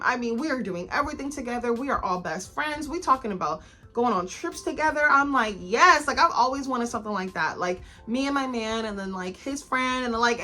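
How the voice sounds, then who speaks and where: A woman's voice: on the high side, bright, forceful tone. A woman in her twenties telling a personal story in a candid, casual vlog style. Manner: candid, conversational, lots of fillers and swearing. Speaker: vlogger.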